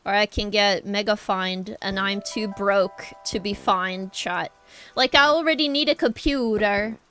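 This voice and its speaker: Slow-talking young woman art streamer. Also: medium pitch, pushed and bright. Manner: chatty, apologetic, talks to chat while sketching. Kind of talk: casual live-stream chat while drawing.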